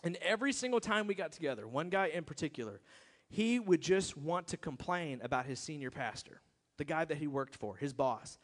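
A middle-aged pastor preaches a conversational, emphatic sermon, often turning to his listeners with rhetorical questions. His voice is fairly high-pitched, animated, and fairly quick, with the long reverb of a church hall around it.

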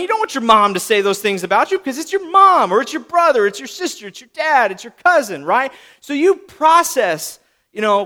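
A man with a very high voice gives a sermon in a relaxed, conversational tone. His pitch swings widely as he talks, and he breaks into playful little voices for examples. He keeps checking in with "right?".

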